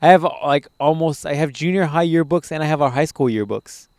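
Profane storytelling man, smooth dry voice. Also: fairly high pitch, brisk, no room sound. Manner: profane, animated storytelling with laughs. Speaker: podcast host. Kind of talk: casual chat.

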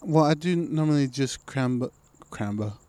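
Laid-back, wry man with a smooth voice. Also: medium pitch, expressive, measured pace, dark tone. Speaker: podcast co-host. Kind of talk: casual chat.

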